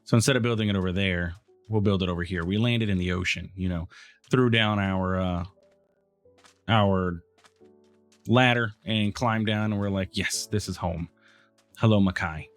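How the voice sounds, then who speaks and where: A man's voice: lowish voice, fairly even intonation, moderate pace, pauses often, faint music behind. A man hosting a game let's play, thinking aloud in casual commentary and talking back to the game.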